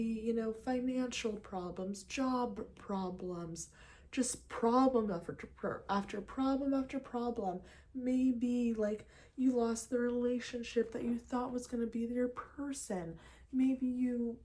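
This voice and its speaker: A woman's voice: on the high side, a little mellow. A young woman chatting casually while getting ready, talking about faith and surrender, with lots of restarts and fillers. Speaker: faith vlogger. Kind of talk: casual get-ready-with-me chat. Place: at home.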